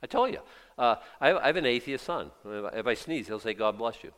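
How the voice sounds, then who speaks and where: A middle-aged male pastor preaching a sermon in a chatty way, dropping to quiet asides and rising to loud emphatic bursts. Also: mid-range voice, expressive, brisk, clean tone. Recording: long hall reverb.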